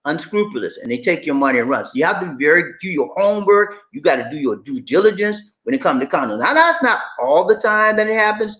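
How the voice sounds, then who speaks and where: Middle-aged guy on a live stream, pretty high voice, keeps hammering his points and talking right at viewers. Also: fairly bright tone. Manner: emphatic and repetitive, talking straight to viewers with "man" and "y'all". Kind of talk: casual live stream chat reading viewer comments.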